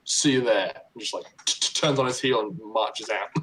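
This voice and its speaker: A man's voice: lowish voice, a little fast, pushed and bright, a little hiss or hum, poor audio. A man narrating as game master of a tabletop game, stammering and restarting often. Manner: stammering, many repeated starts.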